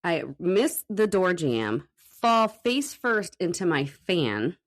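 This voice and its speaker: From her home recording room, a podcast co-host tells a story in a casual, animated way, swearing and laughing as she goes. Her voice sits on the low side and moves slowly.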